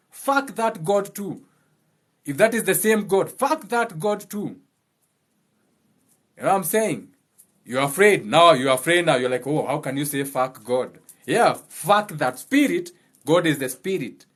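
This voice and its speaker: A man hosting his channel, giving a blunt, impassioned monologue full of profanity and repeated phrases for emphasis. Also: a little high. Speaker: channel host.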